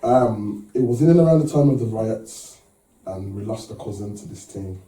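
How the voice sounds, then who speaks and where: A man's voice: on the low side, lively intonation, moderate pace, mellow. Laid-back storytelling guy. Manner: laid-back, slangy, laughs often. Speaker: musician guest. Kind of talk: casual storytelling interview. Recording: echoey room from far off.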